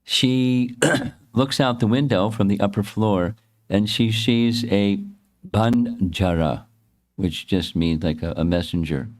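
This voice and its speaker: A man giving a devotional storytelling lecture as a spiritual teacher, pausing and correcting himself often. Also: fairly low pitch. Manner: halting, frequent self-corrections and restarts.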